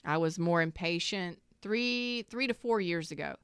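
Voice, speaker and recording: A woman's voice: medium pitch, animated, brisk, hardly any pauses, a bit bright, clear, resonant tone, no echo, studio quality. A middle-aged woman, a tarot reader, talking casually and candidly to her viewers, swearing freely and rambling through asides.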